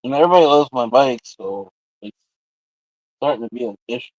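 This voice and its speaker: A man's voice: mid-range voice, expressive, brisk, a little mellow, no echo, poor audio. A man hosting a livestream, telling rambling, crude, joking stories in casual chat. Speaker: livestream host.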